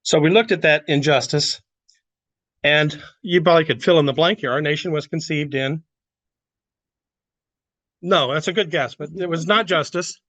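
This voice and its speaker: A man's voice: on the high side, moderate pace, pauses often, fairly bright tone, dry recording. A man teaching a Bible lesson to a class in a church room, talking loosely and asking the group questions. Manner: conversational, asks the class questions, many restarts.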